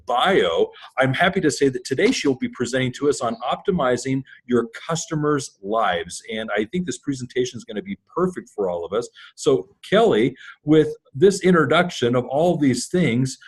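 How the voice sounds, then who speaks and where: A man with a husky, slightly rough voice hosts a casual interview. He talks in a relaxed way and drops in easy jokes. His pitch sits at an ordinary middle level. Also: normal speed. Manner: relaxed, joking. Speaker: podcast host.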